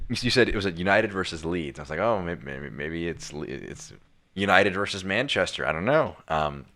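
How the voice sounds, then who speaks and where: Very deep-voiced man talking football. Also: expressive, fairly quick, pushed and bright. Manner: rambling, many restarts and fillers. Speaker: podcast co-host. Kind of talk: casual football chat.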